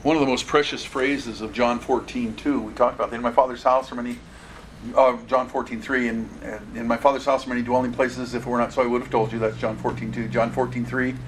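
A man's voice: mid-range voice, fast talker, a little hiss or hum. A man preaching an expository sermon, asking the congregation questions and acting out the voices in the passage. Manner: animated, acts out scripture voices, asks the audience questions. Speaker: pastor.

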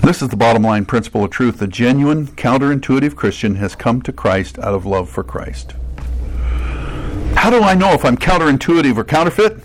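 A man preaching a sermon, earnest and direct, dropping low and quiet, then rising to emphatic high bursts, sometimes acting out the voices of imagined listeners. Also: expressive, brisk. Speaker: pastor.

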